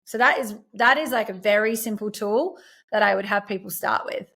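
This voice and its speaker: A woman's voice: medium pitch, normal speed, creaky, fairly bright tone. A young adult woman, a self-empowerment coach, talking earnestly and reflectively in a podcast interview and quoting her own inner voice.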